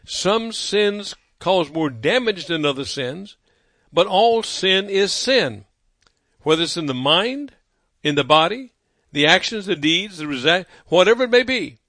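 Slow, emphatic male preacher. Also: sits high, lively intonation, pushed and bright, dry recording, clean studio sound. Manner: emphatic preaching with dramatic pauses and repetition. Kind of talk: sermon.

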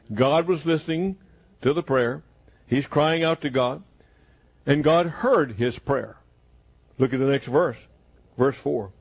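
A man preaching a sermon who repeats phrases for emphasis, asks his listeners questions, and slows to stretch words at emotional peaks. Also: on the high side, a little mellow, slightly rough.

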